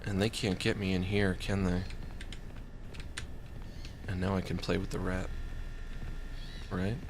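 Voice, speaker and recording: A man's voice: sits low, little pitch movement, a little slow, noisy background. A man streaming a game, rambling and joking, with panicky yelps when chased. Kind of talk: let's play commentary.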